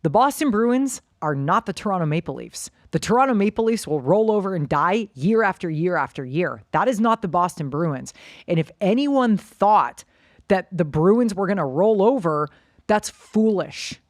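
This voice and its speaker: A woman's voice: fairly low pitch, expressive, normal speed, no room sound. Female sports podcast co-host, blunt and opinionated, dry studio sound.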